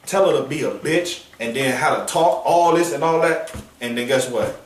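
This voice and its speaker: A man preaching on a downtown street in a forceful, confrontational, slangy manner, with call-and-response from listeners. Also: a little high, normal speed, slight background noise. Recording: echoey street sound from a distance.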